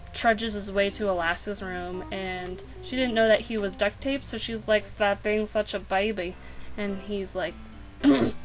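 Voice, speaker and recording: A woman vlogger recaps a book casually with sarcastic, playful asides. She talks at an unhurried pace and slips into short character voices. Faint music plays behind her. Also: medium pitch, poor audio.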